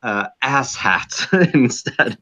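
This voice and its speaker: Man with a bright voice. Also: medium pitch, animated, extremely slow, lo-fi sound. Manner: explains slang, hesitant fillers. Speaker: podcast guest. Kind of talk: casual chat.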